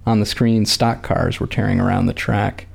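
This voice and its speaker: A man calmly reading a short story aloud in a measured narrating voice. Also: fairly low pitch, creaky, husky.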